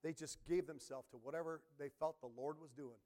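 Pastor guy mid-sermon, chatty storyteller, throws in shouts and goofy organ noises. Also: a little high, a little fast. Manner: animated storytelling, sudden shouts and imitated organ sounds.

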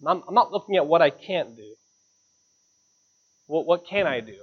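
A man delivers an earnest sermon in a church, his voice sitting a little high for a man. He swings up in pitch and volume to drive home his key points. The recording sounds dull and lo-fi. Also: expressive, moderate pace. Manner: earnest preaching, pitch and volume rising on emphatic lines. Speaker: pastor.

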